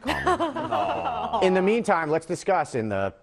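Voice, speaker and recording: A man's voice: on the high side, big pitch swings, fairly quick. A man hosting a late-night talk show panel, with sarcastic, jokey remarks in a TV studio. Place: television studio.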